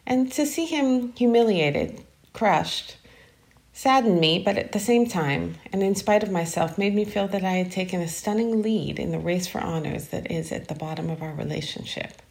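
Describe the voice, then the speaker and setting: A woman reads a literary short story aloud in a calm, measured way. Her voice sits at an ordinary middle pitch for a woman and carries a noticeable creaky fry. The phrasing is unhurried and thoughtful. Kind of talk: literary reading.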